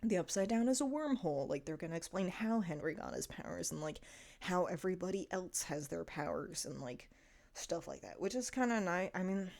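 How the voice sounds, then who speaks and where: Low-voiced woman rambling casually. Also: lively intonation, fairly quick, creaky, a little mellow. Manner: rambling, filler-heavy, laughs often. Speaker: TV review vlogger. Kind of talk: casual spoken review.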